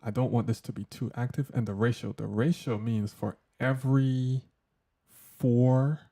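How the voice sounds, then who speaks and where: A man's voice: mid-range voice, steady tone, moderate pace, vocal fry, mellow, breathy edge. A man hosting a casual hands-on audio tutorial, joking loosely and talking through settings as he tests them. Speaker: tech tutorial host.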